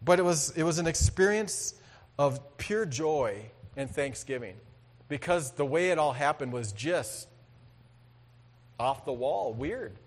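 A man preaching a sermon in an earnest, conversational way, with sudden loud bursts of emphasis. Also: fairly high pitch, lively intonation, measured pace, big-room sound. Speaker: pastor.

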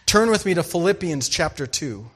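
A man preaching a sermon, reading scripture and telling farm stories, swinging between loud emphasis and hushed asides. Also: on the high side, moderate pace, husky. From farming background. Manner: storytelling, animated, shifts between loud and hushed. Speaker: pastor.

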